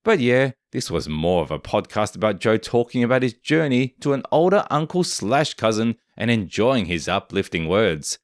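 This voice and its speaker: A man's voice: fairly low pitch, big pitch swings, normal speed, hardly any pauses, no echo, clean studio sound. A man reading a scripted commentary voice-over in a snarky, opinionated way. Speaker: commentary narrator.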